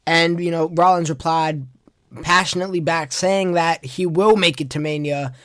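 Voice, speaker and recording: A man's voice: fairly high pitch, fairly even intonation, moderate pace, no echo, studio quality. Exasperated man recapping wrestling. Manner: exasperated, rambling commentary. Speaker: podcast host.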